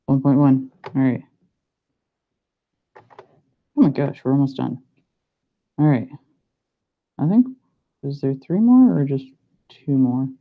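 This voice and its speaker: Young guy talking himself through pharmacy math, kinda unsure, muffled lo-fi audio. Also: mid-range voice. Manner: muttering to himself, unhurried, self-doubting. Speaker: pharmacy student. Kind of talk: thinking aloud while working practice problems. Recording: muffled lo-fi recording.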